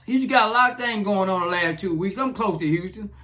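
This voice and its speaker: A man's voice: high-pitched, fast talker, bright, forceful tone. A man, ranting profanely in casual commentary, chuckling and rambling as he goes. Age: 40s. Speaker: social media commentator.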